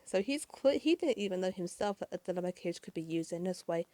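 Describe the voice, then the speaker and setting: A woman's voice: fairly low pitch, expressive, fairly quick, few pauses, warm tone, dry recording. A woman recapping a comic in casual chat, gushing and chatty, swearing casually. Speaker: comic reviewer.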